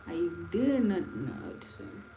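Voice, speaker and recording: A woman's voice: mid-range voice, sing-song, measured pace, dark tone. A young woman from Kenya with a Kenyan accent, chatting casually and rambling to viewers on her live stream. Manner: chatty, rambling, laughing asides. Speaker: livestreamer. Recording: echoey room with faint noise.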